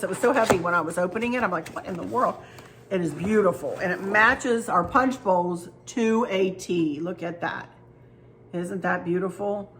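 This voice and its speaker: At her kitchen table, a woman who vlogs about home decor chats casually while showing gifts, telling stories and addressing her viewers directly. Her voice is lowish and a bit bright. There's a little hiss or hum in the recording.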